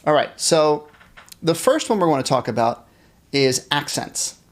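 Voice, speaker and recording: Male music teacher, live stream band class, slightly high voice, counts off rhythms, talks to the chat. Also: lively intonation, measured pace, slight background noise.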